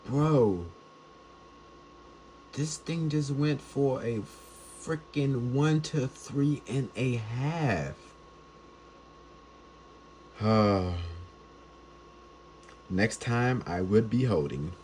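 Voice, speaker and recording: A man talks through his trades in an excited, slang-heavy vlog, his pitch jumping around a lot. He stays unhurried as he explains risk and reward step by step. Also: a little hiss or hum. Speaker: forex trading vlogger. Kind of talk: casual screen-recorded trading vlog.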